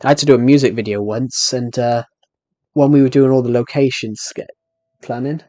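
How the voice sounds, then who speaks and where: While gaming on a live stream, a young man rambles through a story about being wronged, circling back and restarting his phrases. He speaks at a medium pitch with a steady, mellow tone and moderate pace, and there's no room sound.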